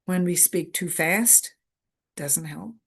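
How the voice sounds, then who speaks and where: A woman gives a conference lecture at an unhurried, measured pace. Her voice sits on the lower side, and she drives points home by repeating key phrases as short lists. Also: creaky, fairly bright tone. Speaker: workshop presenter.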